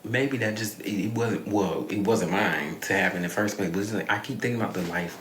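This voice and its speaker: A man's voice: lowish voice, brisk, a bit bright, a little hiss or hum. A young man talking candidly in a rambling confessional vlog, swearing freely and sighing often. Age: young adult. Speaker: vlogger. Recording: echoey room.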